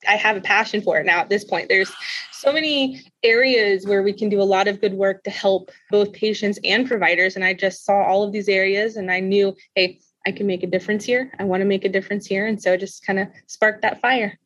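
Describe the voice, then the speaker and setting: A woman answers interview questions in a friendly, earnest way, often checking in with "right?". Her voice sits at a middle pitch. The sound is dry, with no room echo. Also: steady tone, a little fast, a bit bright, lo-fi sound. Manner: earnest and friendly, with small restarts and frequent "right?". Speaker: podcast guest, health informatics director.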